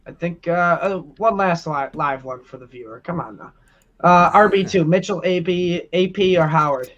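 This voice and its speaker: A man's voice: sits high, moderate pace, a bit bright. A man co-hosting a sports podcast, reading out listener questions and answering them in easy, joking casual chat. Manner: reads out listener questions, jokey. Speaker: podcast co-host. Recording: dull lo-fi sound.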